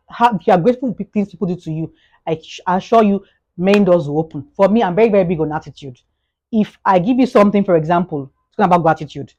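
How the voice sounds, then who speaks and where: A woman's voice: fairly low pitch, lo-fi sound. A Nigerian woman with a Nigerian accent giving a casual motivational monologue on her vlog, repeating herself and acting out little scenes. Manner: repetitive, fast, grows animated with acted-out anecdotes. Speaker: vlogger.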